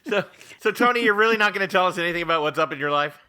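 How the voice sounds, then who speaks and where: A man's voice: sits high, racing, bright, forceful tone, clear, resonant tone. A man co-hosting a comedy chat, steering the talk with wry remarks. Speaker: co-host.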